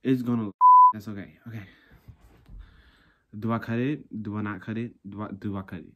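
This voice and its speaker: A man's voice: on the low side, steady tone, brisk, a bit bright. A young man vlogging in a sassy, rambling casual chat, talking himself through a craft project. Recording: noisy background hiss.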